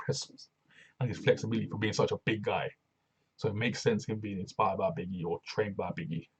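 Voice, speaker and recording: Man, gravelly low-mid voice, husky, slangy excitable wrestling review, dull lo-fi recording. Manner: slangy, excitable, repeats phrases. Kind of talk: casual solo review.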